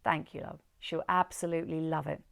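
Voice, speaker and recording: A woman's voice: deep voice, level tone, a little fast, gravelly, a bit bright, dry recording, studio quality. A woman reading the lines of a teasing, easygoing male London cab driver in a story. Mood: friendly. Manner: easygoing, teasing, calls her love. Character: warm London cab driver, middle-aged man.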